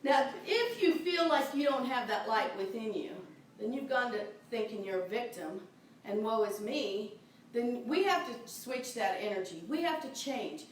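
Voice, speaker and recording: A middle-aged woman minister preaches in a chatty, enthusiastic way, laughing as she goes. Her voice is high. It is picked up from far off in a very echoey church, with a faint hum of room ambience behind it. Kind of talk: sermon. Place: church sanctuary. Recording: very echoey, distant mic in a church.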